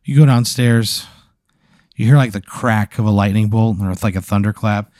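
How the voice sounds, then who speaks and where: Low, mellow-voiced man telling a tale. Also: normal speed, dry recording, clean studio sound. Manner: descriptive, builds suspense with sound details. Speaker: host running a hypothetical scenario. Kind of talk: casual improvised storytelling.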